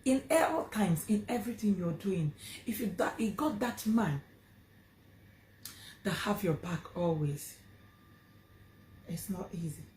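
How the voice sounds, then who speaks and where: A woman's voice: mid-range voice, animated, a little slow, darkish tone, reverberant, a little hiss or hum. A woman with a Nigerian accent telling a personal story to her vlog audience, earnest and emphatic, repeating phrases for stress. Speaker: vlogger.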